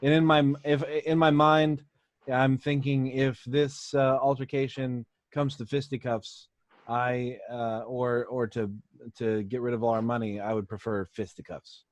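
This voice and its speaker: A man at a tabletop game works through his thoughts in a hesitant way, starting his sentences over. His voice is mid-pitched and recorded close and dry. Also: flat delivery, unhurried, dry recording. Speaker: player.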